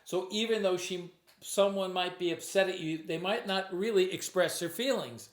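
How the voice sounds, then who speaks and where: A man's voice: sits high, fairly even intonation, moderate pace, reverberant. A stage hypnotist telling a true story from his shows in a casual, conversational way, often quoting himself. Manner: conversational, with restarts and acted quotes.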